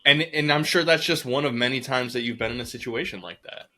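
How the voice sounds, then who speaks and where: A man hosts a casual podcast interview and keeps prompting his guest for wild stories. His voice is bright and forceful, at a middle pitch. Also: fairly quick. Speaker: podcast host.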